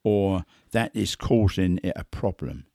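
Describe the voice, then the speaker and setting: This man's low, gravelly voice moves a little slowly as he plays a big cat investigator, spinning conversational stories. He's animated, acting out quotes and sounds. The studio-quality recording carries no echo.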